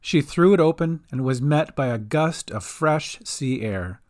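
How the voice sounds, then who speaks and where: A man hosting and narrating his own homemade storybook podcast in a friendly, lively way. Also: on the high side, a little slow. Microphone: homemade setup.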